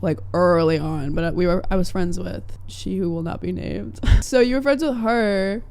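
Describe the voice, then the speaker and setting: Young woman, twenties, podcast co-host, casual chat, animated storytelling, smooth clear voice. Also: fairly low pitch, normal speed. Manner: animated storytelling, lots of fillers and laughs.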